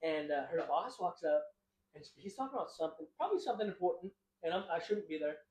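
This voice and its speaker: A young man with a fairly high voice tells loose, rambling stories and keeps laughing through them. He acts out what people said as he goes. The room around him is echoey. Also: very animated, quick pace, a little mellow, a little hiss or hum. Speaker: podcast co-host. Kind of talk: casual storytelling.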